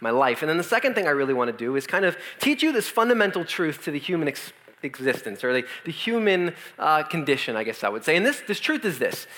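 A young man in his twenties giving a casual youth sermon, telling a comic story with lots of fillers and animated asides. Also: on the high side, fast, few pauses. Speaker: youth speaker.

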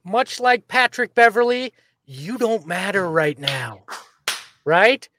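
A man's voice: high-pitched, expressive, slow, pushed and bright, a little hiss or hum. A man on a podcast panel, ranting in a mocking, jokey way in casual chat.

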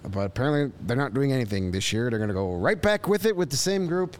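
Man, podcast co-host, casual sports talk, measured with filler pauses, medium pitch. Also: lively intonation.

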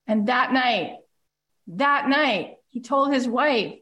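A woman's voice: a little high, animated, takes it slowly, a bit bright. A woman podcast host giving a passionate, emphatic motivational talk to her listeners.

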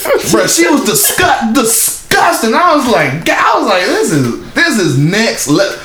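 Young man, animated pitch, profane rambling storyteller, casual podcast talk, echoey room with faint hiss. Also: measured pace.

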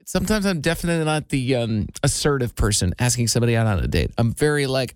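A man co-hosting in relaxed, easygoing banter, teasing his partner and poking fun at himself. His pitch swings widely as he jokes, and the studio sound is dry and close. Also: fast talker, clean tone, dry recording. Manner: joking, self-deprecating, easygoing. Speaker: radio co-host. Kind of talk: casual banter.

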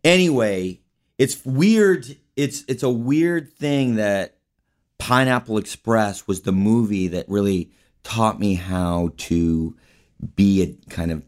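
A man's voice: lowish voice, slow pace. A man guest on an interview show, telling stories in a rambling, casual way, often saying "like" and "you know". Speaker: guest, actor and filmmaker.

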